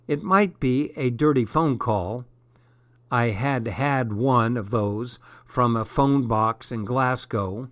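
A man reading a comic first-person diary as an audiobook, with a deadpan delivery. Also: medium pitch, takes it slowly, dry recording. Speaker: audiobook reader.

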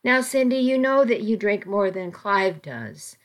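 A woman voicing a caring, firm middle-aged aunt in an audiobook, gentle but stern and pleading. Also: medium pitch, lively intonation, measured pace, lightly acted. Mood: concerned, stern. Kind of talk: audiobook reading.

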